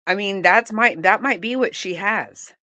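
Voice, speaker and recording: Woman, middle-aged, live-stream host, casual chat, laughs a lot, exclaims in disbelief, bright forceful tone, dry close sound. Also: mid-range voice, unhurried, dry recording.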